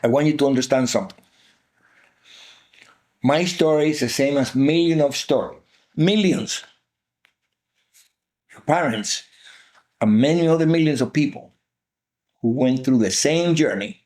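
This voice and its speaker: An older man with a Cuban Spanish accent speaks in a mellow, darker tone. He tells his life story earnestly as an interview guest, pressing his points by repeating them. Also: mid-range voice, unhurried, long pauses. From Cuba. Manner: earnest, emphatic, repeats key phrases.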